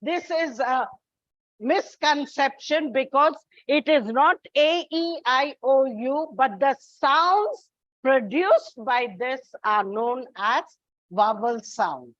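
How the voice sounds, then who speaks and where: A woman teaching an English lesson in a high, unhurried voice, walking through examples one at a time. The sound is dry and a little dull, like a lo-fi classroom recording. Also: lively intonation, no echo. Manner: slow, deliberate explaining with spelled-out examples.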